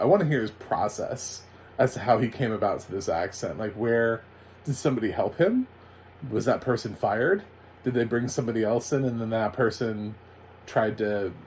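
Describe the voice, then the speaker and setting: Sarcastic man with a low voice. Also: a little mellow, a little hiss or hum. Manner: sarcastic, rambling, frequent fillers and restarts. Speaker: TV recap reviewer. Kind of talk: casual spoken review.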